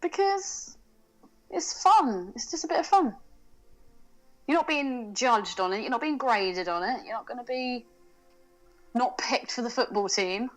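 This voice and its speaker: A woman's voice: on the high side, animated, a little slow, long pauses, faint music behind, poor audio. Brash breezy woman podcast co-host. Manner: brash, breezy and reassuring, swears casually. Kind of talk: casual podcast banter.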